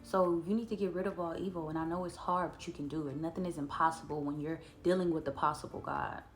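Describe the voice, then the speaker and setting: A woman, chatting earnestly about scripture and slowing down to read verses aloud. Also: sits low, fairly even intonation, faint music behind. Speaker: Bible study vlogger. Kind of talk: casual devotional talk to camera.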